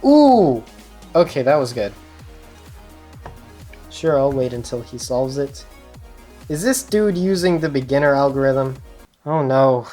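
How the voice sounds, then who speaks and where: Low-voiced excitable woman vlogging. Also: slow pace, long pauses, soft background music. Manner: excitable, swears and laughs, nervous running commentary. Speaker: speedcubing channel host. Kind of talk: casual vlog commentary while playing. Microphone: GoPro camera.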